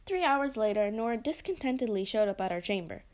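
Woman storyteller, expressive first-person read-aloud, slightly high pitch. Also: a little fast.

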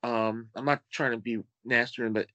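A man speaks deliberately on a film podcast, working through cast lists and release facts. His pitch sits at an ordinary middle. The recording is dry, with no room sound around him. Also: steady tone, pushed and bright, no room sound, low-quality recording. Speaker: podcast guest. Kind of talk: casual film chat.

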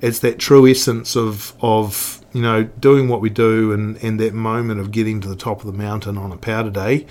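Rambling New man, lowish voice. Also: flat delivery, moderate pace, hardly any pauses, darkish tone. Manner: rambling, many restarts and swearing. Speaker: guest. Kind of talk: casual storytelling chat.

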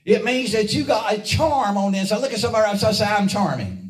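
A man's voice: high-pitched, quick pace, crowd noise. A man preaching a fervent, rhythmic call-and-response sermon to his congregation. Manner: fervent, rhythmic, drives the congregation to repeat after him. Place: church service. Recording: echoey church audio from a distance.

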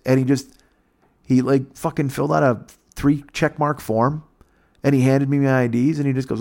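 An American man telling a long comic story in casual chat, animated and profane, putting on voices for the people in it. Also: on the high side, normal speed. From United States.

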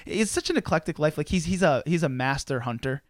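A young man hosting a podcast, telling stories in a casual, animated way with lots of restarts and fillers. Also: fairly high pitch, fairly quick, dry recording, clean studio sound. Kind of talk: casual conversation.

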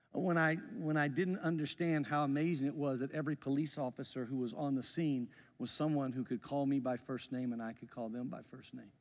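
A man, preaching a sermon as a pastor, his voice swelling with feeling and then falling to a near hush. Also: mid-range voice. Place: church sanctuary. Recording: long reverb in a large hall.

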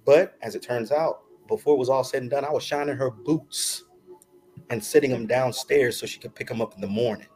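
A man's voice: mid-range voice, brisk, darkish tone, soft background music. A middle-aged man, a podcast guest, telling a long personal story in casual chat, laughing often and acting out what people said.

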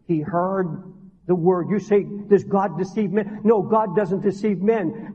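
A man preaching as a pastor to a congregation in an impassioned sermon, with a husky voice that rises to loud pleading. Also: sits high, steady tone, unhurried. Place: church hall. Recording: dull reverberant hall recording.

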